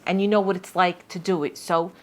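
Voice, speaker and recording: A middle-aged woman who is a judge speaks in a low-ish, brisk voice as a podcast guest. In a casual interview she tells lively stories, often repeating words and acting out what people said.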